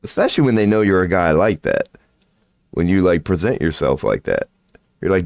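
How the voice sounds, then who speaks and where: A man's voice: low voice, animated, fairly quick, gravelly, a little mellow, dry recording, clean studio sound. A man hosting his channel in a casual, rambling monologue, crude and swaggering, swearing freely and often laughing mid-sentence. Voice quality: crude, swaggering, profanity-laced talk. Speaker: channel host.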